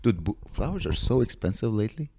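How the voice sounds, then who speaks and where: A man's voice: lowish voice, big pitch swings, creaky, background noise. A male podcast co-host from Lebanon, bantering casually with a brash, teasing manner. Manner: brash, teasing, quick to laugh.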